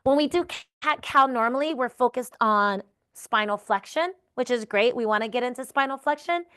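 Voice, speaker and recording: Calm woman teaching breathwork. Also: a little high, normal speed, clean tone. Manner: calm, encouraging, checks in with "right?". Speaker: yoga therapy instructor. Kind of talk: guided breathing instruction.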